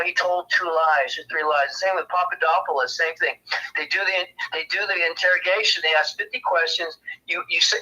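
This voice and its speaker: A man's voice: sits high, sharp tone, slightly rough, low-quality recording. A man co-hosting a casual political chat, arguing hard and acting out the exchanges he retells. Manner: argumentative, acts out quoted exchanges.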